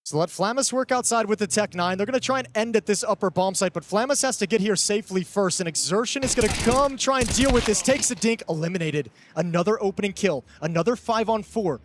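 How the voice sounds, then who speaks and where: A man's voice: high-pitched, fast, few pauses. A man giving live esports color commentary, analytical and conversational, often restarting his sentences.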